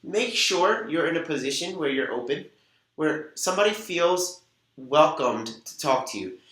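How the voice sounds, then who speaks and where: A man's voice: on the high side, expressive, measured pace, fairly bright tone. Upbeat man coaching in an echoey room. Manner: upbeat, coaching, acts out sample dialogues. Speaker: host and weight-loss coach. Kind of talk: instructional talk to camera.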